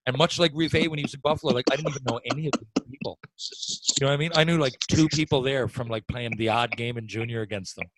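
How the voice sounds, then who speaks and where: Profane, animated man spinning a yarn. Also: medium pitch, quick pace, low-quality recording. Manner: profane, animated, swings loud when worked up. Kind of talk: casual storytelling.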